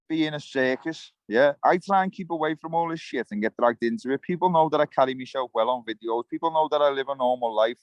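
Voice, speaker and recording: A higher-pitched young man who talks with blunt, profane, straight-talking force. His voice is close and dry, with no room sound around it. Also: no echo, muffled recording. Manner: blunt, swearing straight talker. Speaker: interview guest. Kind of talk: heated interview rant. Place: outdoors by water, fishing.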